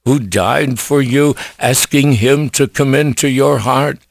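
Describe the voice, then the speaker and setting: Very slow, deliberate male preacher. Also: medium pitch, gravelly, no echo, studio quality. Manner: slow, emphatic preaching with rhetorical questions. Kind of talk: evangelistic sermon.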